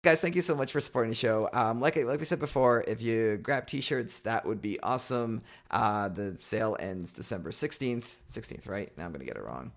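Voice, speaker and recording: A man's voice: fairly low pitch, expressive, a little fast, few pauses. A man hosting a casual whisky podcast, laid-back and rambling, full of fillers and restarts. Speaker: podcast host.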